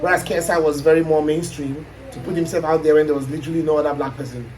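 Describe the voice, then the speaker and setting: A man's voice: fairly high pitch, fairly even intonation, very fast, darkish tone, slight background noise, low-quality recording. A Nigerian-accented man thinking aloud in a casual, reflective chat, trailing off into asides as he muses. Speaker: aspiring YouTuber.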